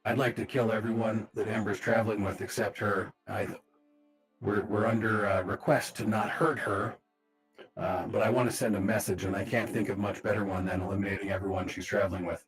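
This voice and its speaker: A low-voiced man at a tabletop game, speaking in character. He sounds easygoing and dry-humored, even when he talks about fighting. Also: fairly quick, soft background music. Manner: easygoing, wry. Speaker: player. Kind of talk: in-character roleplay.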